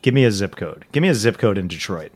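A man from the US East Coast co-hosting a casual chat, easygoing with deadpan jokes and a lot of fillers. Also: fairly low pitch, fast, husky, no echo. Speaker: podcast co-host.

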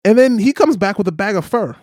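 A man co-hosting a casual talk show, telling stories in a lively way, acting out the voices he quotes and checking in with "right?". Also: high-pitched, fast, dry recording, studio quality. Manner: animated storyteller, acts out quoted voices, many "right?" tags. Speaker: podcast co-host. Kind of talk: casual chat, storytelling. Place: lives in New Zealand.

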